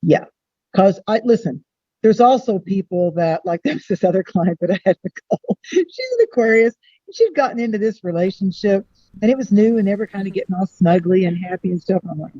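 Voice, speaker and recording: A woman's voice: medium pitch, fairly quick, husky, dry recording. Chatty woman astrologer, dry muffled sound. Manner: chatty, acts out dialogue in lively quoted voices. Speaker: astrologer guest. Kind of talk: podcast interview.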